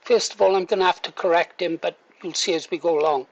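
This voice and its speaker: A man's voice: sits high, fairly even intonation, quick pace, dry recording, poor audio. Guy ranting to camera, kinda sarcastic, dry dead room. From Wales. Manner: wry, mock-reluctant and emphatic. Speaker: political video commentator. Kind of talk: casual to-camera commentary.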